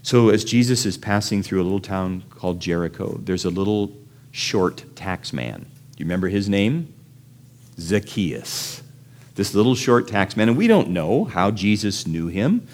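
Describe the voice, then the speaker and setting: A man preaching a sermon in a conversational way, asking his listeners questions and acting out the people in his stories. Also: a little slow. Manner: animated storytelling, acts out quoted voices with big pitch jumps; conversational, asks the audience questions. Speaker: pastor.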